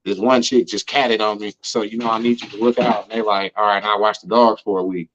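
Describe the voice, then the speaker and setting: A man's voice: lowish voice, fairly even intonation, a little fast, a bit bright. American guy rambling thru stories, slangy, keeps saying you know what im saying, kinda muffled lo-fi sound. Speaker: interview guest. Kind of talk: casual storytelling chat.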